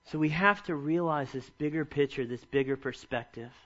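A man's voice: on the high side, moderate pace, highs cut off. A man in his thirties preaching a sermon, reading scripture and telling funny stories from family life. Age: 30s. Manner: animated storytelling with humor. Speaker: pastor.

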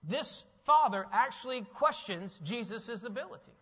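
A man preaching a sermon as pastor, animated and asking his listeners questions. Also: very high voice, moderate pace, husky. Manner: animated, asks the audience questions. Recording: dull, with long hall reverb.

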